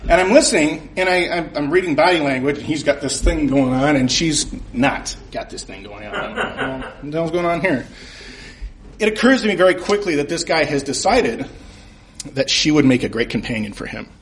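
A man's voice: fairly high pitch, moderate pace. A man telling a funny personal story to a crowd, laughing often and poking fun at himself. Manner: animated, laughing often, self-mocking. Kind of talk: comic personal story told to an audience.

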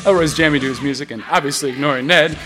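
A man reads the scene directions of a comic audio drama, amused and laughing as he goes. His voice sits on the high side. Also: racing, over music. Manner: amused, laughing through lines. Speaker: scene narrator. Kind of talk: reading stage directions.

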